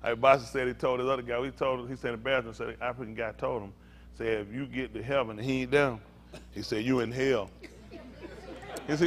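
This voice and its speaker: Animated man preaching with stories. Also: medium pitch, brisk, some chatter behind. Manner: animated, laughing storytelling with Southern slang. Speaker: pastor. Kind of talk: storytelling sermon.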